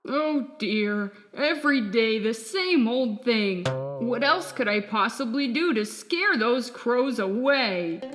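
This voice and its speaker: Storybook scarecrow, male, fretful and fussy, played by a woman; high, unhurried, over background music. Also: expressive. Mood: weary. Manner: fussy, exasperated. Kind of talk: storybook character voice.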